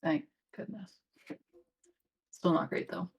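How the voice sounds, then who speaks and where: A woman's voice: mid-range voice, big pitch swings, slow pace, gravelly, darkish tone, lo-fi sound. A woman playing in a tabletop game, describing her character's actions in a tentative way and thinking aloud with fillers. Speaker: player. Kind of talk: casual tabletop game play.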